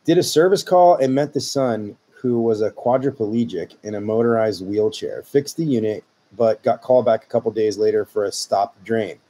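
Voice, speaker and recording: A man hosting a podcast, reading out listener-submitted stories with relaxed asides. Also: lowish voice, normal speed, few pauses. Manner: relaxed, reads aloud with asides. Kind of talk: casual podcast storytelling.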